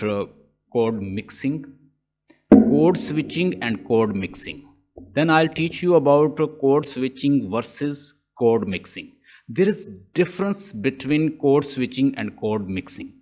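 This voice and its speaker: A man teaching a lesson, explaining step by step and often restarting his phrases. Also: fairly high pitch. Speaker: English teacher. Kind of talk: online lecture.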